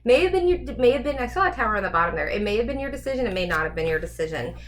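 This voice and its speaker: A woman's voice: fairly high pitch, big pitch swings, very fast, slight background noise. A woman giving a casual tarot reading, chatty and rambling as she thinks aloud. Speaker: tarot reader.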